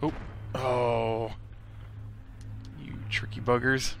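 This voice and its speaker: A man's voice: medium pitch, level tone, extremely slow, fairly bright tone, soft background music. A man hosting a let's play, giving casual gameplay commentary in a chatty way, reacting aloud to the game and laughing often.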